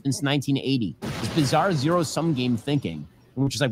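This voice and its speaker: A man giving opinionated political commentary in a fast, sarcastic, combative way. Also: medium pitch, lively intonation, a little hiss or hum.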